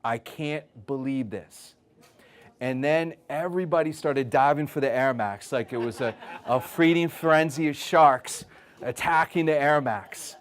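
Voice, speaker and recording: A man's voice: a little high, normal speed. A man giving a live wellness presentation, telling stories and checking in with "okay?". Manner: animated storyteller, frequent "okay?" check-ins.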